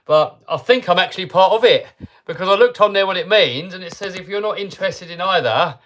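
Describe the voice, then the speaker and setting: A man's voice: sits high, fairly quick, a bit bright. A man hosting a live stream, chatting casually and answering viewer comments in an upbeat, rambling way. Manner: chatty and upbeat, with frequent self-interruptions. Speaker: host of a hobby channel livestream.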